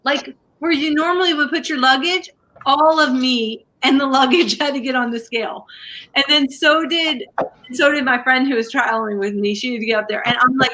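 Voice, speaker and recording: A woman hosts a livestream in a casual, chatty way. She rambles through her stories with plenty of fillers. Her voice sits a bit high and sounds bright and forward. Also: a little fast. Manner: chatty storyteller with many fillers. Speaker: livestream crafting host. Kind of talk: casual chat to a live audience.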